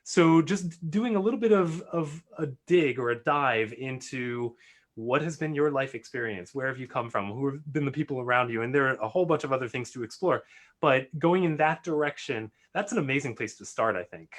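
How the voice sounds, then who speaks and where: A man speaking as a guest coach in a live question-and-answer chat, thoughtful and halting, with quick bursts. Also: medium pitch.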